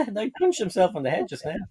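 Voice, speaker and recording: A man's voice: sits high, huge pitch swings, fairly quick, a little mellow, slight background noise. Chatty man hosting a live stream. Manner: chatty, reads viewer comments aloud, self-correcting. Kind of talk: casual live stream chat. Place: at home.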